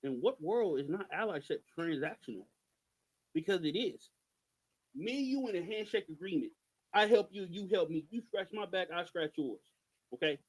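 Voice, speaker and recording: Podcast co-host, male, high and lively voice, emphatic commentary. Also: normal speed, low-quality recording. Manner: animated, emphatic, rhetorical questions. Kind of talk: passionate political commentary.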